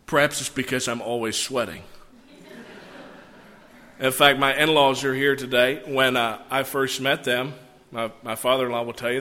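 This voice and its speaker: A man preaching a sermon, reading scripture and breaking into animated, conversational asides. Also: a little high. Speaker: pastor. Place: church sanctuary. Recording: long church hall reverb.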